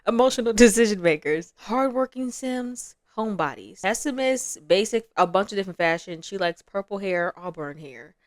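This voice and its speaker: Animated, laughing woman commentating a game. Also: mid-range voice, moderate pace, few pauses, no echo. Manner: chatty, laughs often, acts out quotes. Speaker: gameplay commentator.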